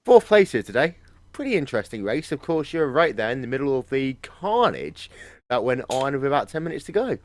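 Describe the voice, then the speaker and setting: A man's voice: mid-range voice, big pitch swings, fairly quick, no echo. A man presenting post-race interviews in a breezy, chatty way. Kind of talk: live sim-racing post-race interviews.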